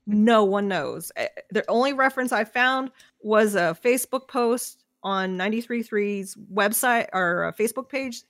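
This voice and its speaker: A woman's voice: medium pitch, moderate pace, hardly any pauses, fairly bright tone, no echo, studio quality. A woman guest on a podcast, chatting casually and laughing often. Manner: giggly, chatty. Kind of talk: casual chat.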